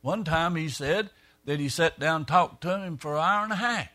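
Man, preacher, folksy sermon storytelling, slightly high voice. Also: normal speed, pushed and bright. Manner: folksy, retells dialogue in quoted voices.

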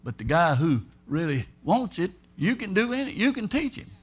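A man with a high-pitched voice preaches a sermon. He talks in a folksy, emphatic way and slips into the voices of the people he quotes. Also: big pitch swings, moderate pace, husky.

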